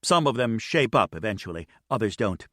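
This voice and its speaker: A man voicing a patient, steady female airline captain who speaks quietly and kindly. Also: on the low side, brisk, dry recording, clean studio sound. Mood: calm.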